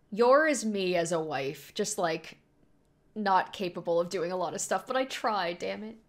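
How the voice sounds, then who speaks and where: A young woman hosting an anime reaction video, talking casually and gushing often as she reacts. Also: mid-range voice. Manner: animated, gushing, laughs often.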